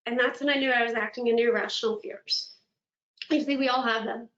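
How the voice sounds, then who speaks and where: Animated woman speaker in an echoey room. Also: fairly high pitch, fairly quick. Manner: animated, dramatic storytelling with laughs. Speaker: motivational speaker. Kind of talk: virtual keynote talk. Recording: echoey room, dull lo-fi sound.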